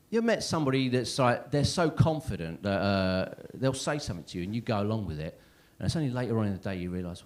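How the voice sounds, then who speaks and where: A man in his thirties does a stand-up set in a comedy club, rambling and self-deprecating while checking in with the crowd constantly with lots of "right?" and "yeah?". His voice is fairly low and a little mellow, animated, at a normal speed.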